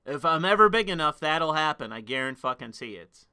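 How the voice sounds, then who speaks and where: A man's voice: on the high side, lively intonation, brisk, pushed and bright, clear, resonant tone. A young man streaming casual commentary, rambling and profane, laughing at his own remarks.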